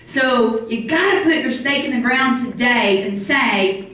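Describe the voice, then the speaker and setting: A middle-aged woman giving an animated motivational talk to a live audience in a hotel conference room, acting out other people's reactions. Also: fairly high pitch, measured pace. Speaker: motivational speaker. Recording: very echoey hall from far off.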